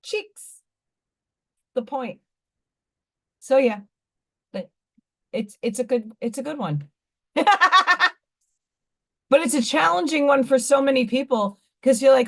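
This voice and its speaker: A woman's voice: sits high, slow pace, creaky, long pauses. A woman hosting a live stream, telling stories in a rambling, candid, blunt way. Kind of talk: casual chat.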